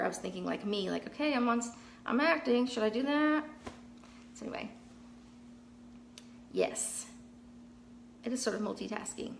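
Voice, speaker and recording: A woman's voice: medium pitch, gravelly, fairly bright tone, reverberant, slight background noise. A middle-aged woman chatting casually while painting on a live stream in her garage, rambling and answering viewer comments as she works. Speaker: painting vlogger. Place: garage, kneeling on concrete floor.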